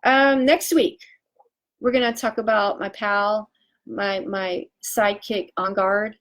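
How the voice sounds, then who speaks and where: A woman in her forties sells essential oils on a live stream, chatting excitably with lots of fillers and restarts. Her pitch is medium and her pace slow, and the talk is casual live-stream chat.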